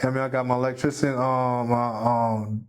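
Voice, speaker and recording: A man's voice: medium pitch, flat delivery, brisk. Heartfelt rambling man, casual talk. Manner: rambling, heartfelt, fills with "you know what I mean". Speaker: podcast guest, jiu-jitsu competitor. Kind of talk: casual conversation.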